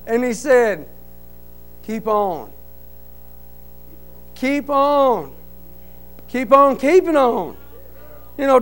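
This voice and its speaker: A man tells his church testimony in a very high, smooth voice, speaking in plain, folksy phrases that he repeats. He swings from loud, fervent cries to quiet, hushed stretches. Soft instrumental music plays faintly behind him. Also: rough recording. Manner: fervent, rising to loud cries then dropping to a quiet hush. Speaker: church member giving testimony. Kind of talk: emotional testimony.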